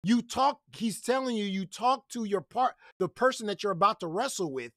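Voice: medium pitch, expressive, normal speed, fairly bright tone, dry recording, studio quality. A stream reactor giving crude, laughing commentary on a clip.

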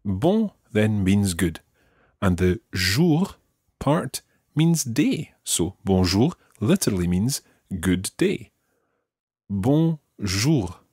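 Scottish male teacher, low husky voice, patient and deliberate, dry close studio sound. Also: sing-song, darkish tone, dry recording. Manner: patient, slow, careful modelling of pronunciation. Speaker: French teacher. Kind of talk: podcast language lesson.

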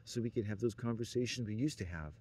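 Deep-voiced man rambling in a monologue. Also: fast, darkish tone, slightly rough. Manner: meandering, frequent chuckles, trailing off. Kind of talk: rambling stream-of-consciousness monologue.

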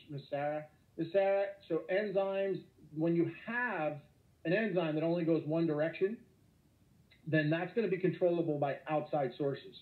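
A man teaching an online lecture, energetic and joking, with sudden exclamations. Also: fairly high pitch. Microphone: computer mic. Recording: echoey, tinny phone-like online call.

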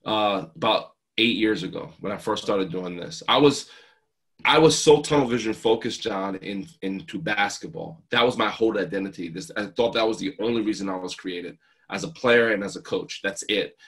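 A man in his thirties from New Jersey speaks as a guest, sharing earnest, heartfelt family stories with emotion. His pitch is fairly low, his tone fairly bright, and his speed normal.

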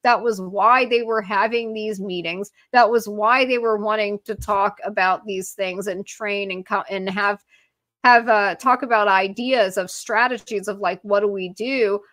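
A woman, a journalist guest on a podcast interview, talking in an animated, sarcastic way with many fillers. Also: medium pitch, measured pace, no room sound, studio quality.

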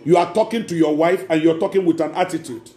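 A man's voice: on the high side, fast talker, warm tone. A man preaching a sermon as pastor, emphatic and repeating key words. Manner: emphatic preaching with acted quotes. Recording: echoey room with faint music.

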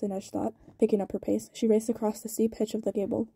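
Woman reading a book out loud, kinda flat, dark mellow voice, dry close mic. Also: mid-range voice, creaky, slightly rough, no echo. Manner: fast reading with small stumbles and restarts. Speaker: audiobook reader. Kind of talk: reading a novel aloud.

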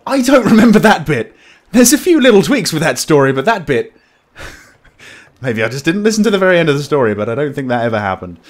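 A man's voice: fairly high pitch, very animated, brisk. Wry man gaming. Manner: wry, jokey asides. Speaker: let's-play gamer. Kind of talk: casual gameplay commentary.

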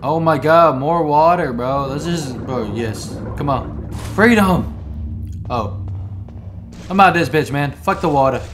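A young man giving excitable let's-play commentary, swearing, laughing and talking back to the game as he plays. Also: a little high, measured pace, pauses often, faint music behind. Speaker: gamer playing through a video game.

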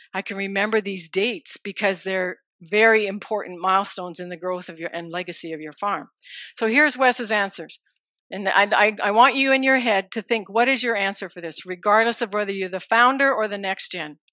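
Woman, 60s, farm coach presenting live, bright energetic delivery, lo-fi recording. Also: medium pitch, normal speed, no echo. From Manitoba, Canada. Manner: lively, addresses listeners by name, drops in French words. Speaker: farm family succession coach.

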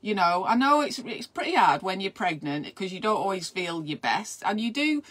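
A woman's voice: mid-range voice, big pitch swings, moderate pace, a bit bright. A middle-aged woman, chatting casually and rambling on a live stream as a midwife host, encouraging her viewers.

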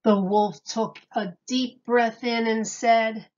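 Unhurried woman teacher, gentle storytelling. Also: a little high, fairly even intonation, muffled recording. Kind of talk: reading a children's story and demonstrating a craft.

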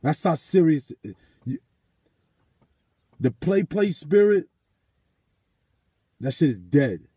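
A man with a husky, mellow voice tells a story in a vlog and drifts into preaching. He talks emphatically, swears freely and repeats his points. The sound is close and dry. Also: fairly high pitch, very animated, slow, long pauses, no echo. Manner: emphatic, profane, repeats phrases. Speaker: vlogger.

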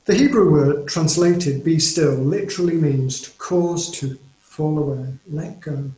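Earnest English preacher in a roomy echo. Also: male voice, fairly high pitch, warm tone. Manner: earnest, measured, emphatic on key phrases. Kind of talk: sermon. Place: church or home, recorded for online service.

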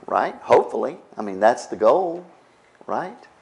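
Slow, animated preacher man. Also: mid-range voice, gravelly. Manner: conversational preaching, keeps asking "right?". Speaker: pastor. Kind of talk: sermon.

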